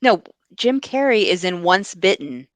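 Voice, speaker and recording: A podcast co-host chatting casually, chiming in with quick agreements. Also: medium pitch, very animated, no room sound.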